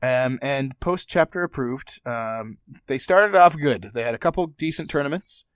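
A man from eastern Canada, co-hosting a casual gaming chat in a relaxed, trailing way. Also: mid-range voice, normal speed, smooth, dry recording. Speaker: podcast co-host.

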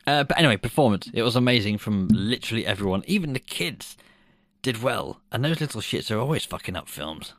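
A man's voice: on the low side, expressive, fairly quick, fairly bright tone, dry recording, clean studio sound. A man co-hosting a podcast in casual chat, laughing often and swearing loosely. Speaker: podcast co-host.

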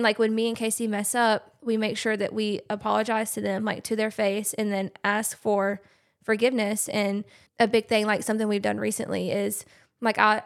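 Young woman on a podcast, earnest, lots of "like", creaky fry. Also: medium pitch. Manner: earnest, many "like" fillers. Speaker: podcast guest. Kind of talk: casual conversation.

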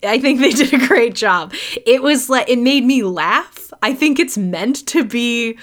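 A woman's voice: fairly high pitch, lively intonation, measured pace. Giggly, profane woman recapping a film. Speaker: podcast host. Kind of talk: casual film recap chat.

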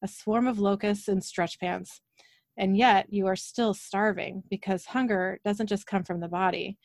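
Sinister old horseman in a wheelchair, slow quiet menace, read by a woman in a dry room. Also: medium pitch, fairly even intonation, no echo, natural voice. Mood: menacing.

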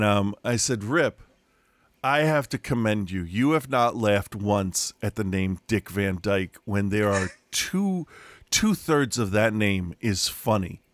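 Here a middle-aged man with a mid-range voice and no audible room sound co-hosts a podcast from home. His casual chat wanders, full of restarts and laughs.

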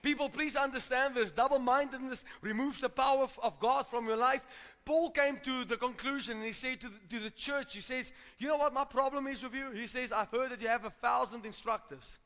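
Speaking briskly in a very high, fairly bright voice, a pastor delivers an emphatic, repetitive sermon. He calls out to the congregation, and the church hall around him is reverberant.

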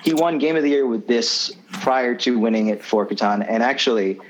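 A man as a guest on a video call, giving measured, deliberate answers to quiz questions. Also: medium pitch, slight background noise, poor audio. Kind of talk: casual chat.

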